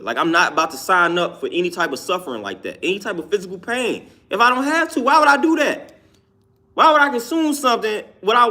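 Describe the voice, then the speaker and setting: Emphatic high-voiced man preaching diet. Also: bright, forceful tone. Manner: emphatic, repetitive, slangy. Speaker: vegan health talker. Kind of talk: casual monologue.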